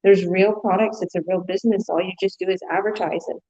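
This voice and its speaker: A woman's voice: mid-range voice, steady tone, fast talker, dark tone, dull audio. A woman hosting a live business webinar, chatty and effusive, with many fillers.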